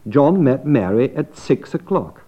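Man, English-lesson presenter, measured explainer, lively pitch, dull vintage tape. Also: breathy edge. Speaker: English teacher. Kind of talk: scripted language lesson. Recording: dull lo-fi old lesson recording.

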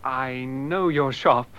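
An actor playing a polite, puzzled young man who answers slowly with awkward laughs. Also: mid-range voice, a bit bright, clean tone. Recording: dull lo-fi old tape.

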